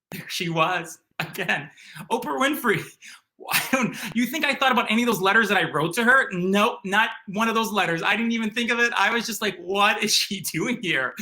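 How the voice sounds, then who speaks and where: Man, young adult, personal storytelling, animated, slightly high pitch. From Chicago area. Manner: animated, excitable, uses lots of "like" and "um". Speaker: storyteller guest.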